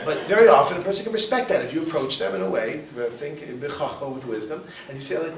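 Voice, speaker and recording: Lively rabbi teaching a class. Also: male voice, fairly high pitch, fast, few pauses. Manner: animated, acts out quoted people, asks rhetorical questions. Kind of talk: lively lecture with questions to the audience. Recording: echoey room, mic at a distance, faint noise.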